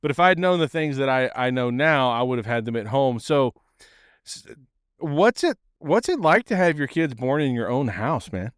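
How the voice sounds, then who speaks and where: Easygoing guy hosting a chat show, smooth clear voice, dry close sound. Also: medium pitch, expressive, moderate pace, no echo. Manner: easygoing, laid-back, short agreeable replies. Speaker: podcast host. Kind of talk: casual chat.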